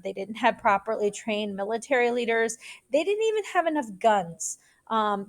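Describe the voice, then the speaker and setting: Middle-aged woman teacher, high-ish voice, chatty lecture style with fillers and asides. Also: darkish tone. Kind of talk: recorded history lecture.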